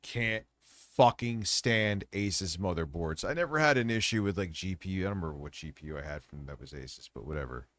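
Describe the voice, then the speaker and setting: A man streaming live, swearing freely and venting about failing tech. His voice sits a little low and sounds dry and close, with no room around it. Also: lively intonation, fairly quick, few pauses, a bit bright, no echo. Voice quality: frustrated, profane ranting. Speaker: livestreamer. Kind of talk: casual livestream chat.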